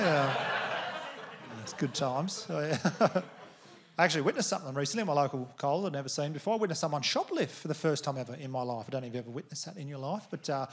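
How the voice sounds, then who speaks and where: Australian comic telling crude stories live. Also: male voice, on the high side, fairly bright tone. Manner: crude, conversational storytelling to a live crowd. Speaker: stand-up comedian. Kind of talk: stand-up comedy set. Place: comedy venue stage. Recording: live venue with audience noise. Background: audience laughter.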